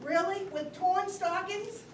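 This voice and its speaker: A woman's voice: very high-pitched, slow. An actress playing a flustered, snappy middle-aged mother of the bride on stage, heard from a distance in an echoey room with background noise. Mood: fussy. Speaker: stage actor. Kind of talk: stage play performance.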